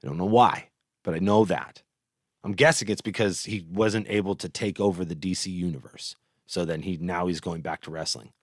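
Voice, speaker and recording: With a deep voice at a moderate pace, this host delivers an animated, profane monologue, rambling casually from one story to the next. The sound is clean studio quality without echo.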